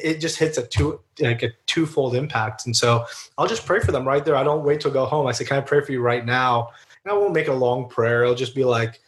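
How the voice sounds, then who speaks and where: A man guest in an interview, earnestly telling personal stories in a chatty way, with many fillers and restarts. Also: mid-range voice. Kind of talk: casual storytelling interview.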